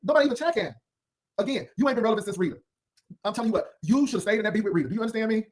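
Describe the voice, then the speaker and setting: A man with a notably high voice rattles off sassy, cutting commentary at a breakneck clip. He rambles from one put-down to the next as he hosts his own video. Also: lively intonation, very fast. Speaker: YouTube commentary host. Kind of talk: unscripted drama commentary.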